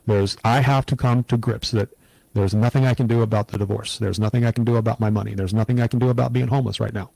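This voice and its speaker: A middle-aged man speaks in an earnest, reflective way, recounting hard times as an interview guest. His voice is dark and mellow, recorded close and dry with no room sound. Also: fairly low pitch, fast talker, creaky, no echo, low-quality recording. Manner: earnest, reflective, steady storytelling. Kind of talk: personal testimony in an interview.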